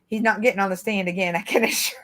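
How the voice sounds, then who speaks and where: A woman's voice: mid-range voice, fairly even intonation, fast, a bit bright. A woman who works as a defense attorney, talking casually on a podcast, hesitant, with many fillers and restarts.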